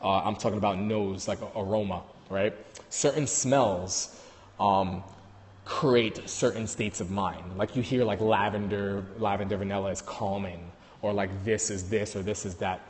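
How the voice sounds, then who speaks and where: A man's voice: fairly low pitch, steady tone, unhurried, in a large hall, slight background noise. A man with a New York accent, a dog trainer hosting a casual livestream on his phone, talking loosely with many fillers and restarts.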